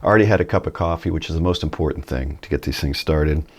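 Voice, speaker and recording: A man giving a relaxed, chatty video lesson, with folksy asides, a little tired early in the morning. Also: very deep voice, fast. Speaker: Spanish teacher.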